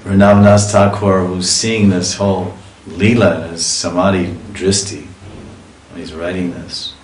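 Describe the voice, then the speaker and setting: A man's voice: low-pitched, flat delivery, unhurried, echoey room, a little hiss or hum, rough recording. A man speaking as a swami in a devotional scripture lecture, reciting verses and acting out emotional cries as he tells the story. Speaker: swami giving a scripture class.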